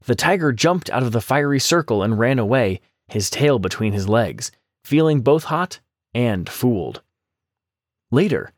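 A man narrating a children's storybook in a lively, expressive scripted reading. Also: mid-range voice, dry recording, studio quality.

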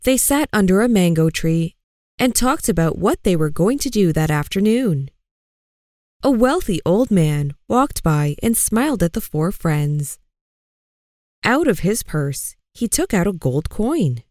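A woman narrating a folk tale in a slow, expressive storybook style. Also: lowish voice, dry recording, studio quality. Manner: slow, expressive, clearly paced.

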